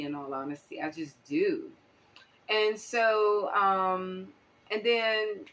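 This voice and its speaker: A woman from the United States talking through a casual monologue as a channel host, animated and exclaiming, with many fillers. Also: low-pitched.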